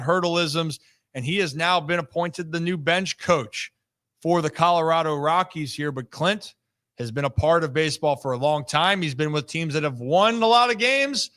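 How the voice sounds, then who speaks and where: Bright-voiced energetic sports talk host. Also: male voice, on the high side, normal speed. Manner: energetic, animated, teasing. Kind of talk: casual sports talk show.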